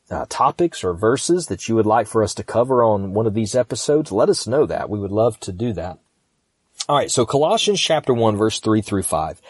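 A man teaching scripture on a podcast in a steady, practical way, pausing now and then on an um or uh. His voice sits at an ordinary middle pitch and is recorded close and dry, with no room around it. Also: no room sound. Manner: calm, practical, instructional, with fillers. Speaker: pastor and podcast host.

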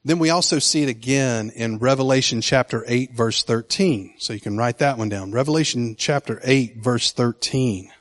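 A man's voice: mid-range voice, normal speed, hardly any pauses. Man, Bible teacher, casual sermon, enthusiastic, conversational, mid-range voice. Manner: conversational, enthusiastic, many fillers and restarts. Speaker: preacher.

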